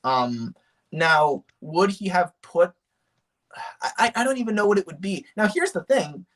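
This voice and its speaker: Guy rambling on his stream, kinda high voice, lots of ums and restarts. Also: a little slow. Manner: rambling, animated, many fillers and restarts. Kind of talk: casual livestream chat.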